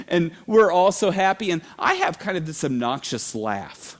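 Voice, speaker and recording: A middle-aged man preaching a sermon as a pastor, telling a family story in an animated way and acting out other people's voices. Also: sits high, normal speed, few pauses.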